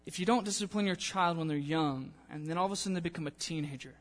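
A young man preaching a sermon in a church in a casual, animated way, acting out the people he quotes. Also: on the high side, quick pace. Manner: animated, conversational, acts out quotes. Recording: long church-hall reverb.

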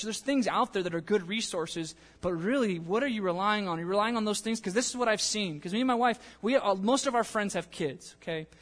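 High-voiced young male preacher in a church. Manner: animated, conversational, acts out quotes. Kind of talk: sermon. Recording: long church-hall reverb.

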